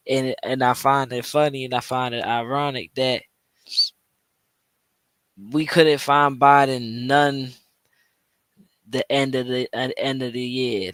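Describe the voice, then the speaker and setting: A man's voice: mid-range voice, a bit bright, no room sound. A man hosting a podcast, reacting to a played clip in casual, slangy commentary full of restarts and repetition. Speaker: podcast host.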